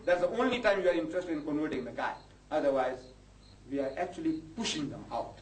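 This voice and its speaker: A man's voice: fairly high pitch, lively intonation, fast talker. A man preaching to a live audience, impassioned and full of rhetorical questions. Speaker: Islamic preacher. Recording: echoey hall from far off, faint hiss.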